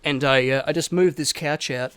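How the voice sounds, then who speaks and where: A man, co-hosting a podcast, telling a story in lively casual chat, swearing and acting out quotes. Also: on the high side, moderate pace, smooth, no room sound, clean studio sound. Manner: animated storyteller, swears a lot, acts out quotes. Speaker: podcast co-host.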